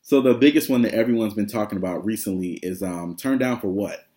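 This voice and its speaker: A man's voice: lowish voice, fast talker, warm tone. A man giving a casual vlog update, chatty and rambling, with lots of fillers and frequent laughs. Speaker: vlogger.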